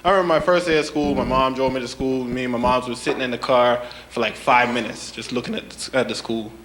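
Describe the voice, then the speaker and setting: A young stand-up comedian performs on a comedy club stage, his medium-pitched voice moving at a quick clip. He tells animated stories, acts out other people's voices and says "man" a lot, all captured live amid a loud crowd and noise.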